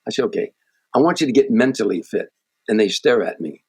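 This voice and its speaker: A man's voice: on the low side, animated, brisk, darkish tone, breathy edge. A man, a guest comedian on a podcast, telling stories and giving earnest motivational advice, often restarting his sentences. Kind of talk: podcast interview storytelling.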